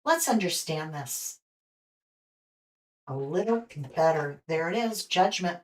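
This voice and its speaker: A woman's voice: fairly low pitch, animated, slow pace, recorded from a distance. Chatty woman hosting a tarot live stream. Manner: chatty, warm toward viewers, speculative. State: hiccuping. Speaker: host and tarot reader.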